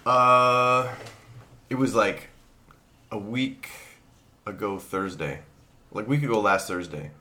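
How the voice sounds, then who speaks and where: A man's voice: on the low side, slow pace, pauses often, bright, forceful tone. A man chatting casually as a guest, laid-back and hesitant, with many fillers. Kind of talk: casual chat.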